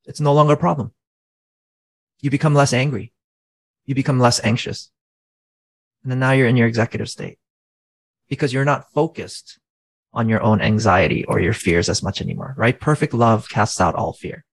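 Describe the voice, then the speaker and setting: A man with a gravelly voice talks in an earnest, teacherly way, like a faith-minded coach. He sits at an average pitch and keeps checking in with rhetorical questions. He sounds to be in his thirties. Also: moderate pace, pauses often, rough recording. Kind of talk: conversational explaining.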